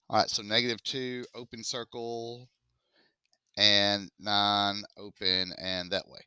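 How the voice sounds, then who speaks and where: Male math teacher, slow and dry, jokey with students. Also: lowish voice, little pitch movement, sharp tone, smooth, no echo. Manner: casual, joking, talks to students as y'all. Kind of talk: classroom lecture working through a test. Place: classroom.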